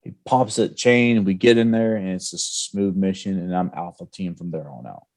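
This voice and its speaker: A man co-hosting a veterans' podcast, telling old army stories in a casual, animated way. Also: sits low, moderate pace. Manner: storytelling, animated, with laughs. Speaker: podcast co-host.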